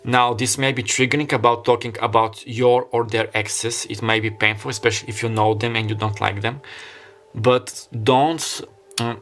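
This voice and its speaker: A man's voice: mid-range voice, steady tone, moderate pace, fairly bright tone. Man reading tarot. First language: Bulgarian. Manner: rambling, heartfelt, searching for words. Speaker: tarot card reader. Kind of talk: pick-a-card tarot reading.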